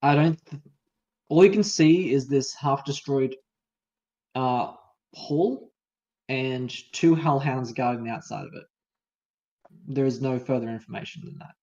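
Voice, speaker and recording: A man's voice: medium pitch, measured pace, long pauses, mellow, muffled recording. A man running a tabletop game as game master, narrating casually and hesitantly with many fillers.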